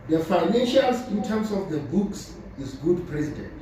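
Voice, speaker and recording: A trade union official giving a slide presentation at a conference, speaking deliberately and urging his listeners, whom he keeps calling comrade. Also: high voice, very animated, mellow. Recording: very echoey, distant mic, faint noise.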